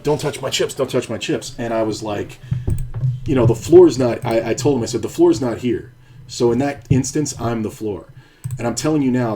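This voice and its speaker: A man's voice: mid-range voice, dark tone, a little hiss or hum. A man streaming online poker, telling a rambling, profane story from his dealing days in a casual chat. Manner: rambling, profane, restarts sentences. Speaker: poker streamer and former card dealer. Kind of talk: casual storytelling while playing.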